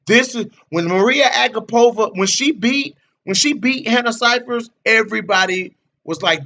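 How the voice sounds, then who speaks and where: Male livestream host, higher bright voice, blunt and profane, fired-up rant. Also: normal speed. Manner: blunt, profane, repeats himself. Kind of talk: casual livestream commentary.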